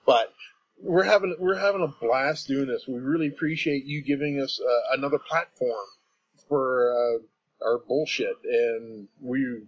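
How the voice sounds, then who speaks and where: A Canadian man with a Canadian accent chats casually on a podcast where he's both host and guest, rambling, cutting himself off, and laughing a lot. His mid-range voice is unhurried, and the recording sounds muffled.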